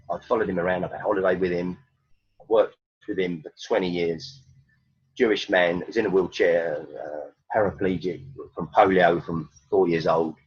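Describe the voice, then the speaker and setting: A man's voice: sits low, a bit bright, husky. A middle-aged man, a stand-up comedian telling blunt stories in an interview and firing off rhetorical questions. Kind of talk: storytelling in an interview. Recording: dull lo-fi recording.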